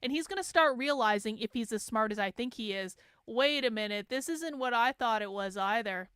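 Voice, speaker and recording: A woman's voice: a little high, normal speed, a bit bright, smooth, dry recording, clean studio sound. A woman hosting a show, giving profane, emphatic political commentary with laughing asides. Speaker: host.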